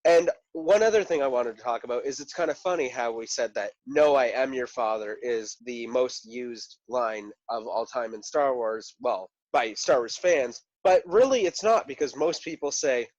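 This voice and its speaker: A man's voice: mid-range voice, expressive, normal speed, hardly any pauses, a little mellow, no room sound, dull audio. A man co-hosting a podcast, sharing his opinions on a film in earnest, enthusiastic casual talk. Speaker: podcast co-host. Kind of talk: casual movie discussion.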